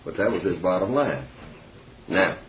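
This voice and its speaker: A man's voice: deep voice, expressive, moderate pace, slight background noise. A man leading an informal group discussion, emphatic and folksy, often dropping in "see" and "you know". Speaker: discussion leader. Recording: echoey room, dull lo-fi sound.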